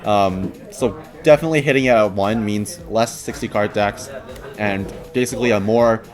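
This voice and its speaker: A man's voice: lowish voice, moderate pace, faint music behind. A friendly man with a Canadian accent, a guest explaining his views on card games. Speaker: guest player. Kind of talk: casual chat about card games.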